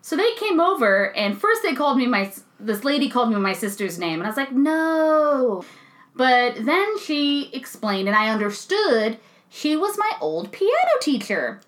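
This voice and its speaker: A young woman in a studio, casually chatting as a podcast co-host, animated and quick to laugh as she acts out what people said. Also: fairly high pitch. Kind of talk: casual chat, storytelling. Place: recording studio.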